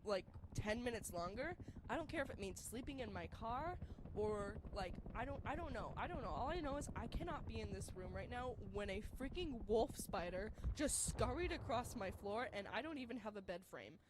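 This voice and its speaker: A young woman telling a story in casual chat, rambling with many fillers and turning shrill and laughing when excited. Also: normal speed, noisy background.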